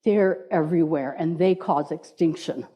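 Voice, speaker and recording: A woman's voice: sits low, moderate pace, mellow. A woman minister giving a playful sermon in a church, inviting the congregation to repeat words with her. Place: church sanctuary.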